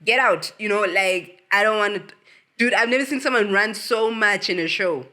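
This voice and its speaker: A woman hosting her own show, giving a casual, animated recap of a reality series, swearing freely and ranting with big swings in her voice. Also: mid-range voice, moderate pace. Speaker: host.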